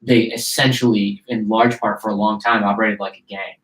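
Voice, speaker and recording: A man's voice: on the low side, brisk. A man from Detroit and a podcast host, telling a story casually and acting out the voices of the people he quotes. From United States (Detroit). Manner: animated, acts out quoted voices, many "like" fillers. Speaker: podcast host, guest on a show. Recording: roomy echo.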